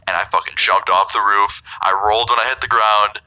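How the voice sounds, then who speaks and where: Brief: young male vlogger, late teens, cursing storyteller, low-ish pitch with a sharp edge. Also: a little fast, hardly any pauses, clear, resonant tone, low-quality recording. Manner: casual, profane, animated storytelling. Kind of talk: storytime vlog.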